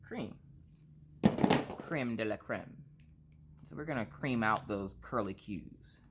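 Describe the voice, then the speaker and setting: Animated woman venting while coloring. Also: very deep voice, slow, very noisy. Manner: animated, exaggerated rhetorical complaining. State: stuffy nose. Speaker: craft vlogger. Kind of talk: casual chat while coloring.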